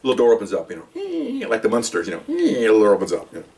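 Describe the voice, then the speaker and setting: A man who once served as a police officer rambles through a lengthy, lively anecdote, laughing and performing the voices of its characters. He talks at a quick pace in a fairly low pitch with vocal fry, on a distant mic.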